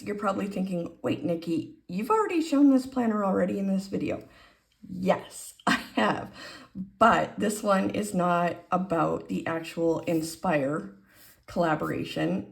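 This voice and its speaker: Slow, gravelly-voiced woman vlogger. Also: lowish voice. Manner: chatty, laughing often, emotional and candid. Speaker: planner vlogger. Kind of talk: casual chat to camera.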